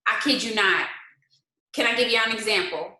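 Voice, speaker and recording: A woman's voice: mid-range voice, moderate pace, bright, forceful tone, reverberant, low-quality recording. A woman hosting a casual live-stream pep talk at home, firing rhetorical questions and mixing faith-based encouragement with colloquial asides and frequent laughter. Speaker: motivational host. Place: indoors at home.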